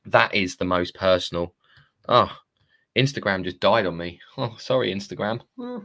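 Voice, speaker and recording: A man's voice: sits low, big pitch swings, normal speed, sharp tone. A man in his thirties talking to viewers live from his phone, rambling and chatty, swearing now and then and laughing at himself. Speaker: live-streaming self-help coach. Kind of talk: casual live-stream monologue.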